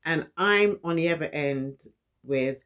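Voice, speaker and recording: Middle-aged woman vlogger, talks to camera with a stutter, restarts words and laughs softly between thoughts. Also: sits low, measured pace, clear, resonant tone. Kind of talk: personal storytelling to camera.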